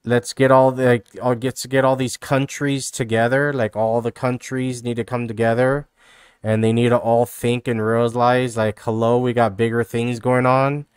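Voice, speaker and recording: Male streamer, smooth dry voice, rambling and sarcastic, repeats himself constantly. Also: mid-range voice, flat delivery, moderate pace, no room sound. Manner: rambling, repetitive, mocking, peppered with "dude" and "you know". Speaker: live streamer reacting to videos. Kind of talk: casual rambling stream commentary.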